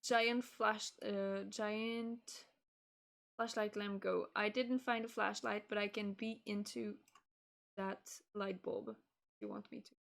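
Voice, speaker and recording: A woman's voice: mid-range voice, expressive, takes it slowly, vocal fry. A woman VTuber hosting a casual stream, bubbly and scattered, laughing often while fiddling with her stream setup.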